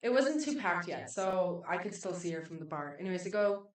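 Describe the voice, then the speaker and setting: A woman's voice: lowish voice, fairly quick. A woman, a club promoter, telling a long story in casual chat, full of swearing and filler words, acting out what people said. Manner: animated, profane, filler-heavy, acts out dialogue. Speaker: podcast guest, club promoter. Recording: roomy echo, distant mic.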